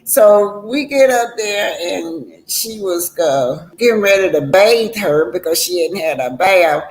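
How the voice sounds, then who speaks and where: An older woman talks to her live chat in a loose, rambling way. She circles back and repeats herself as she tells a personal story, and her voice sits at an ordinary middle pitch. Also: animated, slow, darkish tone. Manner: rambling, homespun, addresses viewers as y'all. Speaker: livestream host.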